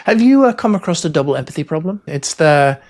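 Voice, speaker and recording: A man hosting a podcast interview, chatting casually and thinking aloud with animated quoted asides. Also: fairly high pitch, fast talker. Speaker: podcast host.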